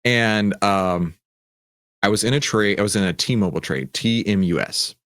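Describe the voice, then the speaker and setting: A man with a fairly low voice answers viewer questions on a live trading stream, rambling and poking fun at himself. His pitch swings widely as he gets animated, and the sound is dry and close with almost no room. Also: normal speed, dry recording. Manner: animated, rambling, self-mocking. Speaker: trading coach and stream host.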